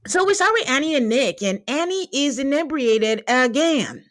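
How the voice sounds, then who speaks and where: A woman's voice: high-pitched, expressive, moderate pace, no room sound, studio quality. A woman hosting a podcast, recapping a reality show in casual chat, laughing often and acting out quotes. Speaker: podcast host.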